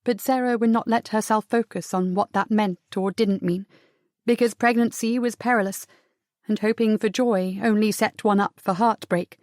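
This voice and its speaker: A woman narrating a historical romance audiobook, in a measured, even reading with the dialogue softened. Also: mid-range voice, no echo, studio quality. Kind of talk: scripted narration.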